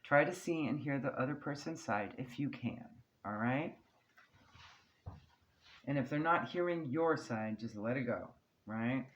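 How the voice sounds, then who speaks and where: Casual tarot reader, mid pitch, chatty and reassuring, keeps asking okay? right?. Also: expressive, a little slow, muffled recording. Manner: chatty, laughs now and then. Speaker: tarot and oracle card reader. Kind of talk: casual channeled card reading.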